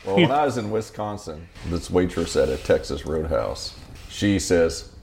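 Man, podcast host, very low voice, jokey storyteller, laughs a lot, faint noise. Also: very animated, normal speed, gravelly. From Idaho. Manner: joking storyteller, laughs often. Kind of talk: casual chat.

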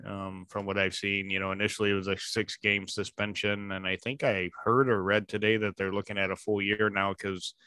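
Man, low smooth voice, dry close sound, candid co-host. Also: flat delivery, fairly quick, few pauses, sharp tone, no room sound. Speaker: podcast co-host. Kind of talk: casual chat.

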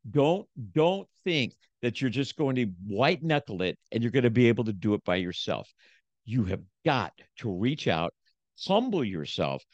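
A man's voice: mid-range voice, no echo, lo-fi sound. A man who is a motivational speaker and preacher, telling his story in a casual podcast interview with emphatic, repetitive phrasing.

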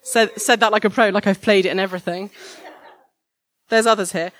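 A woman's voice: medium pitch, steady tone, fairly quick, a bit bright, no echo. A woman compering a live horror show on a theatre stage, introducing acts with joking, wry asides.

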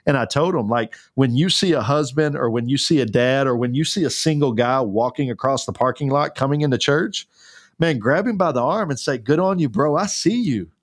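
A man co-hosts a podcast in an earnest, fervent way, often restarting his sentences with "like" and "and, and". His voice sits at an ordinary middle pitch. The recording is dry and close. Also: fairly quick, no room sound. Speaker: podcast co-host. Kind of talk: casual conversational podcast.

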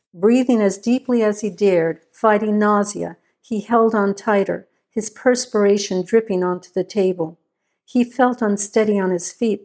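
A woman reading a suspense story aloud as narrator, in steady, measured scripted narration. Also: medium pitch.

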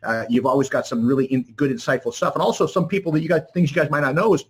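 A man hosting an interview, talking casually and haltingly with lots of restarts. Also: fairly high pitch, steady tone, husky. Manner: halting, many restarts while praising the guest. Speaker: podcast host, martial arts instructor.

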